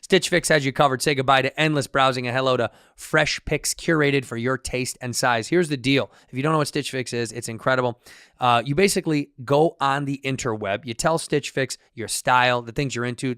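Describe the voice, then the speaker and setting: A man's voice: mid-range voice, brisk, fairly bright tone, clean tone, no echo, studio quality. A man co-hosting a casual podcast, playful and rambling, also reading ads in the same goofy way. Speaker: podcast co-host. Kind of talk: casual podcast chat and ad read.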